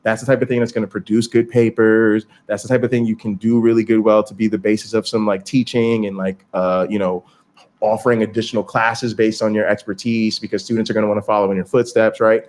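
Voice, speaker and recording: A man hosting a casual livestream, talking straight to viewers in an animated, profane way. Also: on the low side, fast. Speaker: streamer and channel host.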